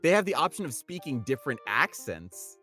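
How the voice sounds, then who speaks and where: Male co-host, mid pitch, enthusiastic and lively. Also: a little fast, soft background music. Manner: enthusiastic, gushing. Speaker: podcast co-host. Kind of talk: casual chat, reading casting info.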